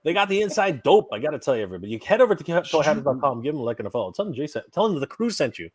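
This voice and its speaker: A Canadian man hosting a live stream in casual chat, reading out viewer comments and giving upbeat shout-outs. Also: fairly high pitch, big pitch swings, very fast, husky.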